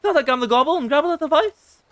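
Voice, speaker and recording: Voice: high voice, lively intonation, fast talker, fairly bright tone, dry recording, pitched above the performer's own voice. A streamer voicing a sly, cheery male rogue guildmaster with an Irish accent who calls people lass. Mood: scheming.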